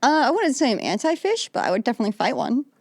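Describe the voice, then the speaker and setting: A woman in her late twenties, a comedian guest on a podcast, who chats casually and keeps laughing at herself. Her voice sits a little high and is recorded dry and close, with no room sound. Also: sing-song, fast talker, dry recording. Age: late 20s. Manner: self-deprecating, laughs often.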